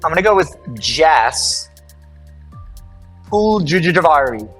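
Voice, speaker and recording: Playful contestant, unhurried, animated pitch. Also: soft background music. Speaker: trivia contestant. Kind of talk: casual game chat.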